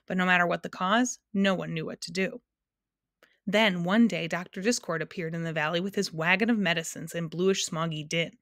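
Lady reading a kids book out loud, calm, pretty dry sound. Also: fairly low pitch, normal speed, dry recording. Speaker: narrator. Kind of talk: storybook reading aloud.

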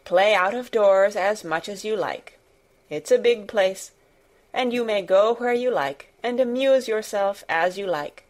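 A woman voicing a tired, distracted middle-aged gentleman who speaks in a worried, absent-minded way. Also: medium pitch, unhurried, natural voice. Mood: weary.

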